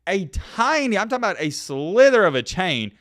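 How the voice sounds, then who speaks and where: Animated young man in slangy commentary. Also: high-pitched, normal speed, no echo, studio quality. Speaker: commentary vlogger. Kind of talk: casual reaction commentary.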